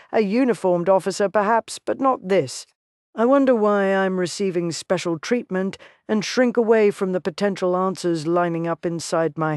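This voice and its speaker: A woman reading a psychological thriller aloud in first person, in an even, measured way. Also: medium pitch, dry recording, studio quality. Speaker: audiobook narrator. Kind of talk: scripted first-person narration.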